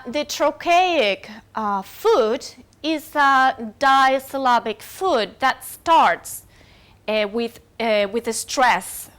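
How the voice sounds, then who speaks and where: A woman's voice: a little high, a bit bright, smooth. A woman whose first language is Spanish, giving a recorded university lecture with many fillers and self-corrections.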